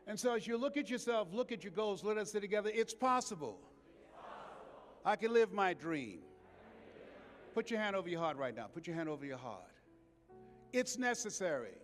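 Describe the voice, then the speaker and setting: A man delivers a motivational speech in a preacherly cadence, hammering repeated phrases and swinging between soaring and hushed. His voice sits high for a man. It carries through a large hall with a long reverb tail and faint music underneath. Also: expressive, quick pace. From United States. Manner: preacherly, swells and drops in volume, repeats phrases for emphasis. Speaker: motivational speaker. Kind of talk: motivational speech to a live audience.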